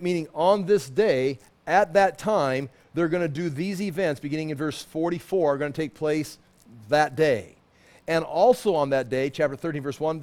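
A man's voice: fairly high pitch, darkish tone. A middle-aged man teaching a Bible study in a loose, conversational way, pointing out places on a map and often restarting his sentences. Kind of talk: sermon.

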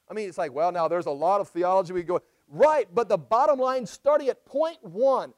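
Male pastor, high voice, emphatic preaching with rhetorical questions, close dry sound. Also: big pitch swings, moderate pace, hardly any pauses, no echo. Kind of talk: sermon.

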